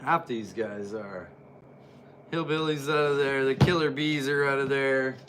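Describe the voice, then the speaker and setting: A man's voice: medium pitch, measured pace, noisy background. A man giving casual, jokey play-by-play commentary while reviewing an old wrestling match. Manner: excitable, jokey, chatty.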